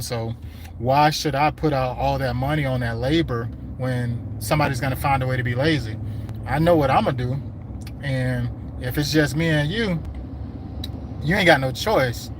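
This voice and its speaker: A man in the middle of a casual livestream, talking from inside his truck as he drives. He rambles in a loose, slangy way at an everyday mid pitch, and his voice is wearing thin. A faint hum of road noise sits under his words. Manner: rambling, laid-back, slangy talk. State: hungry and losing his voice. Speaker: landscaping business owner. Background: faint vehicle road noise.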